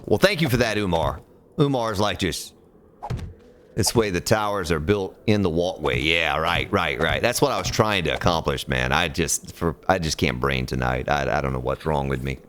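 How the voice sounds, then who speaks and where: A man streams a building game, counting blocks aloud, chatting with viewers, and grumbling at the game as he plays. It's casual live-stream gameplay commentary in a rumbling low, expressive, slightly bright voice at normal speed.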